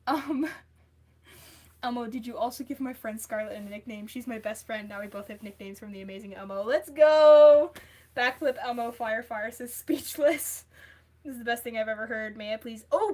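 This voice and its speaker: A woman who is losing her voice hosts a casual livestream, reading viewer comments aloud and answering them. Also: sits high. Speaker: livestream host.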